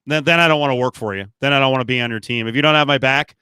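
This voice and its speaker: A man co-hosting a casual sports podcast, animated and opinionated, his voice rising as he gets worked up. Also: medium pitch, very fast, clean tone, dry recording. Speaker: podcast co-host.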